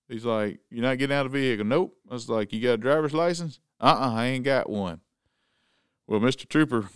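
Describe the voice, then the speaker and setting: A man's voice: mid-range voice, clear, resonant tone, dry recording, studio quality. A man hosting a casual chat and telling a story, acting out the quotes. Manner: animated, acts out the quotes. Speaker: show host telling a story.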